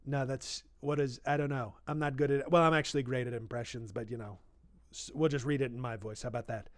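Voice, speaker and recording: A boastful, rambling older politician , as a man puts him on in a comic impression, reading a book aloud and stopping again and again to brag about himself. The voice sits at a middle pitch and sounds close and dry, with no room around it. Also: steady tone, fairly quick, dry recording, lightly acted. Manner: boastful, rambling, interrupts his own reading with asides.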